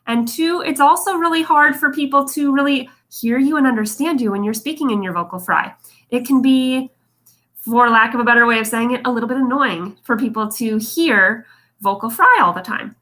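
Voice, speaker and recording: A young adult woman teaching voice care in a relaxed livestream, talking to viewers in a chatty, encouraging way. Her voice is bright and sits a little high. She sounds like she is speaking into a phone or webcam. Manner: chatty, encouraging, demonstrates vocal fry. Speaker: vocal coach. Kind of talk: casual livestream lesson.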